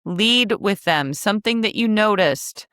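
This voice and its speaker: A woman hosts a casual teaching podcast for travel advisors, coaching them in a chatty, frank style full of joking asides. Her medium-pitched voice is animated, a bit bright and measured in pace, with a clean tone and dry studio sound.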